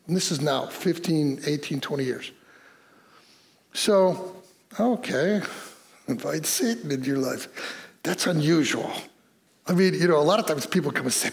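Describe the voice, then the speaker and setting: Animated high-voiced male pastor preaching. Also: moderate pace. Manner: animated storytelling with quoted dialogue and laughs. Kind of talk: sermon. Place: church.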